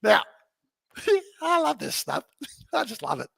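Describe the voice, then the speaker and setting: A man talking as a podcast guest who teaches real estate, energetic and jokey, often checking in with "okay?" as he explains. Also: very high voice, slow pace, vocal fry, no room sound. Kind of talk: animated teaching in conversation.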